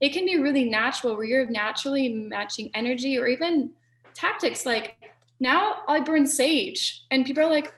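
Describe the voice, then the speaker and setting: Young woman, business coach, higher voice, reflective, distant mic, roomy sound. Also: normal speed, a bit bright. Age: young adult. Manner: reflective, personal, conversational. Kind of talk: conversational webinar input.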